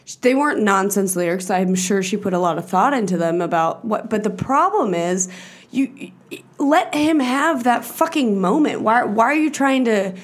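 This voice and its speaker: A woman in a casual chat, animated and opinionated, swearing now and then. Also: medium pitch, normal speed.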